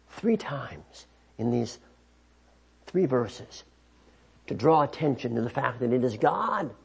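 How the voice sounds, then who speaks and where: A man teaching scripture in a measured, emphatic way, often restarting his phrases as he explains. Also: medium pitch, creaky, slightly rough. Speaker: Bible teacher. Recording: dull lo-fi recording.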